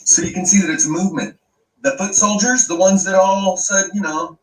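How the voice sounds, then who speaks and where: A man's voice: high-pitched, normal speed, distant mic, poor audio. A man hosting an online commentary video, ranting with emphatic, profane sweeping claims.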